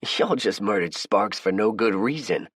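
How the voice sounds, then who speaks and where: A man's voice: lowish voice, animated, unhurried, a bit bright, husky, dry recording, clean studio sound, pitched above the performer's own voice, full character voice. A man voicing a tough young male gang leader who talks back with defiance and contempt, in an audiobook. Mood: contemptuous.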